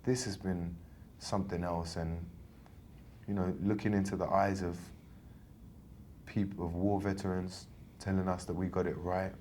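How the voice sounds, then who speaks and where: This low-pitched, slightly slow voice belongs to an English actor in his thirties. He's in a relaxed interview, spinning lively anecdotes and frequently starting over mid-thought. A faint hiss or hum sits under the audio.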